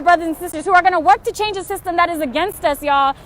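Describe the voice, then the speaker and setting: A woman's voice: very high-pitched, quick pace, fairly bright tone. A young woman livestreaming outdoors on a city street, making frustrated, tired, urgent and repetitive calls to action. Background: faint passing traffic and honking.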